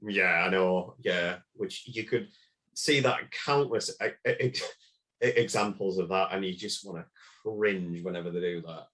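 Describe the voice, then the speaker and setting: A man's voice: low-pitched, measured pace, fairly bright tone. A man as a podcast guest, talking about a film and album in a casual, rambling way with lots of fillers.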